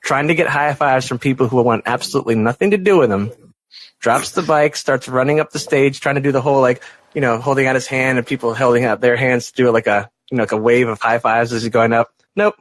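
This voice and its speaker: A man's voice: medium pitch, fast, no room sound. Rambling, chatty man podcast co-host. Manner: rambling storyteller, many fillers and restarts. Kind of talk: casual chat.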